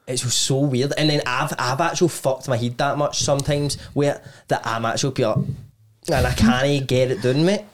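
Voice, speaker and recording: A young man co-hosting a podcast at an ordinary mid pitch. He banters casually with plenty of swearing and jokes. He also reads sponsor spots in the same joking style. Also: normal speed. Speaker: podcast co-host. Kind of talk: casual chat and read ad.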